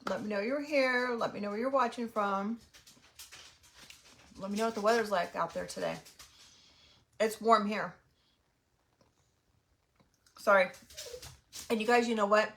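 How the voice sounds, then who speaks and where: A woman's voice: mid-range voice, normal speed, pauses often, fairly bright tone. A middle-aged woman hosting a craft livestream, chatting casually and greeting viewers while snacking. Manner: chatty and friendly, talks while eating.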